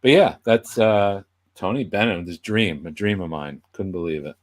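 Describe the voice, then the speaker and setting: A man's voice: sits low, moderate pace. A man, a guest puppeteer, telling a casual anecdote and acting out the people he quotes. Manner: animated, acts out quoted voices.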